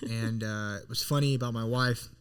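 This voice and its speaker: A man's voice: medium pitch, steady tone, a little fast, clear, resonant tone. Earnest rambling man telling a story. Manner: earnest, rambling retelling with frequent restarts. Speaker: podcast co-host. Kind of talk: casual storytelling chat.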